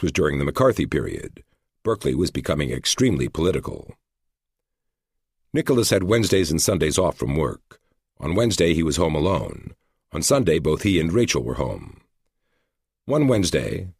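Deep, gravelly male narrator. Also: no room sound, clean studio sound. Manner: measured, storytelling. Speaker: audiobook narrator. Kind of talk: scripted narration.

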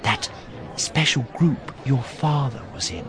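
A man's voice: medium pitch, big pitch swings, moderate pace, a crowd in the background, pitched above the performer's own voice, natural voice. A man voicing a curious, teasing young woman companion.

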